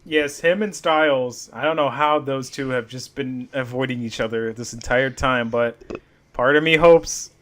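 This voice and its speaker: A man's voice: medium pitch, moderate pace, fairly bright tone, slight background noise. A young man co-hosting a casual wrestling podcast, joking, swearing and mimicking people in silly voices. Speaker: podcast co-host.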